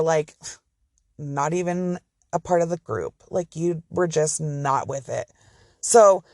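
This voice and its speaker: A woman's voice: mid-range voice, no echo, clean studio sound. A woman casually telling a true crime story from inside her car, chatty and profane with rambling asides.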